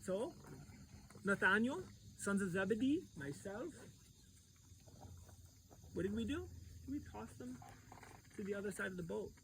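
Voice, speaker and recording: A woman youth pastor acting out a Bible story in the first person, animated and playful, talking straight to her audience. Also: medium pitch, measured pace, pauses often, slight background noise, poor audio.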